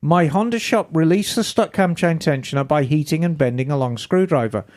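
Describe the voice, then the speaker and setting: Chatty podcast host, lively voice. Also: female voice, low voice, a little fast. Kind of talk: casual chat, reading listener email.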